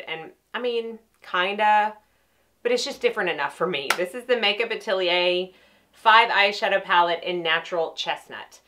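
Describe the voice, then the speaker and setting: A woman's voice: medium pitch, moderate pace, fairly bright tone. A middle-aged woman, a makeup artist chatting casually and enthusiastically about her palettes to the camera, often restarting her sentences.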